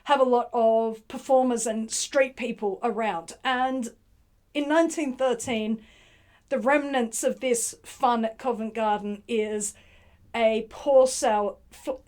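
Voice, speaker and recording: A woman with a fairly high voice gives an informal lecture. She retells a play's story in a relaxed, conversational way. She often restarts her sentences as she thinks aloud. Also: takes it slowly. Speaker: literary commentator.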